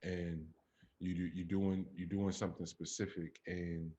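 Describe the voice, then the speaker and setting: A man with a very deep voice holds forth in relaxed podcast chat. He talks with blunt conviction, lacing his points with profanity and climbing in energy when he presses an argument. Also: a little slow, dull audio. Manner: emphatic, profane, builds up to animated peaks. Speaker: podcast co-host. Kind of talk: casual chat.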